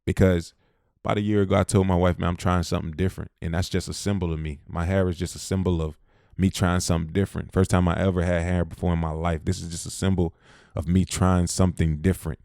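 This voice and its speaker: A motivational speaker with Southern US speech gives a preachy talk, driving his points home by repeating short phrases. His deep, dark voice moves fast with a level tone and vocal fry. The sound is clean studio quality with no echo.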